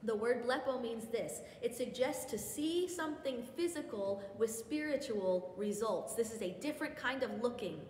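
A woman with a fairly high voice leads a Bible study, walking her listeners through each point with chatty asides and quick self-corrections. The sound rings with a long echo, as in a big church hall, over a faint hum of background ambience. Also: expressive, a little mellow. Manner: explanatory, guiding listeners step by step. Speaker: women's Bible study teacher.

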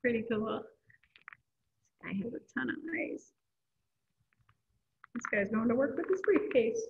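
A woman's voice: fairly high pitch, animated, slow pace, creaky, a little hiss or hum. Upbeat woman teaching a kids' art class. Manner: encouraging, upbeat with children. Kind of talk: kids' class instruction and read-aloud. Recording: tinny lo-fi phone-like audio.

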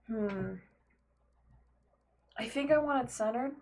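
A young woman chats to her stream audience while she plays, rambling and laughing between thoughts. Her voice is slightly husky, and she talks slowly and unhurriedly. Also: on the high side, darkish tone. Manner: rambling, filler-heavy, laughs often, talks to chat. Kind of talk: casual gameplay live stream chat.

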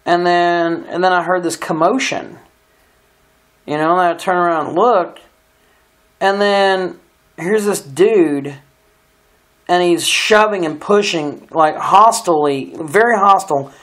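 A man's voice: high voice, a little slow, pauses often, fairly bright tone. Rambling man telling a story. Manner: rambling, with many restarts and "you know"s. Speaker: vlogger. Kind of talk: casual storytelling monologue.

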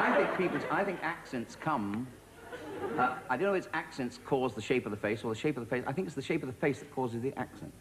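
A comedy actor chats as a talk show guest, his delivery swinging widely in pitch. His humour is dry and self-mocking. The old television recording carries a heavy hiss, with a studio audience laughing behind him. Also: animated, moderate pace. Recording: old TV broadcast with loud hiss.

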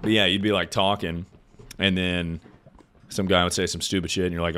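On a slightly noisy recording, a young streamer plays a game and fields chat messages out loud, joking around and swearing as he goes. He talks a little fast in a low, flat voice.

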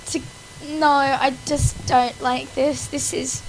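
High-voiced woman wailing over a game. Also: animated, a little slow, a little hiss or hum, poor audio. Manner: melodramatic, self-mocking complaints with wails and laughter. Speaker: gaming channel host. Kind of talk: casual gameplay commentary.

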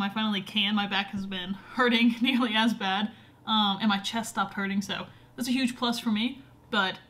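A woman's voice: medium pitch, a bit bright. A young woman vlogging at home, talking casually to a camera on a tripod in a rambling, chatty way with lots of fillers. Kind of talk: casual vlog chat. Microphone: camera on a short tripod.

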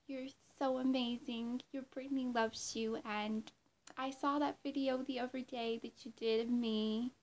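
A flirty pop-star diva played by a woman doing an impression, sweet and doting, who cooes and sends kisses. The delivery is slow and a touch high, with a gravelly edge under the breathiness. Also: fairly even intonation, darkish tone, a little hiss or hum. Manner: cooing, sends kisses, talks of herself by name.

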